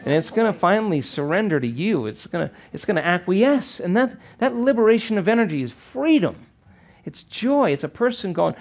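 Creaky-voiced man lecturing a live audience. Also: high voice, sing-song, moderate pace. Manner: checks in with the audience with rhetorical questions; acts out quoted voices. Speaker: seminar teacher.

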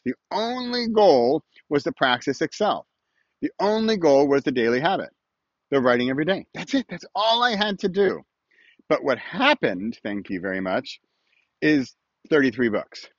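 A man's voice: medium pitch, dry recording, lo-fi sound. A man hosting his own weekly video podcast, chatting casually and rambling a little while he films himself outdoors. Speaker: podcast host. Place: outdoors with a morning view.

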